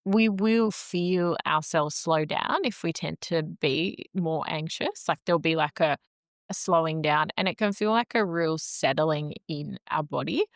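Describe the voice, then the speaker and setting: A woman guest on a podcast, explaining the nervous system in a calm, measured, teacherly way with frequent "like" and "um". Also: sits low, no echo, clean studio sound.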